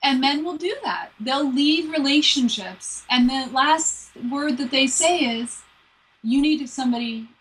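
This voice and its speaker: A woman's voice: high voice, a little slow, hardly any pauses, fairly bright tone, low-quality recording. A woman working as a relationship coach, earnestly walking through numbered advice in a conversation. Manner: earnest, lays out numbered steps, drops into playful quoted voices.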